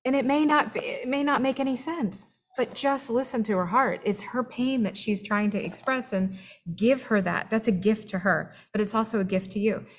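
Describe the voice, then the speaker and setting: A woman's voice: fairly high pitch, normal speed. Earnest woman giving direct advice. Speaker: webinar co-host. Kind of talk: candid faith-based conversation.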